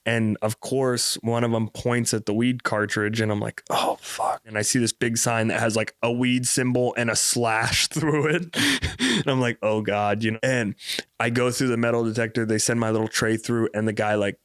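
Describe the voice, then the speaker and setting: A man's voice: mid-range voice, steady tone, normal speed, fairly bright tone, clear, resonant tone, no room sound. Podcast host, young man, casual and profane storyteller, resonant dry voice. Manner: rambling, profane, with lots of fillers.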